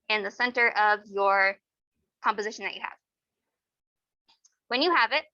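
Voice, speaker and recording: A young woman instructor walks a class through software steps in a casual, filler-laden way. Her voice is bright and a little high. The audio is dull and dry. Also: dry recording. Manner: casual, filler-heavy explaining. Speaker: workshop instructor. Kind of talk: software tutorial over screen share.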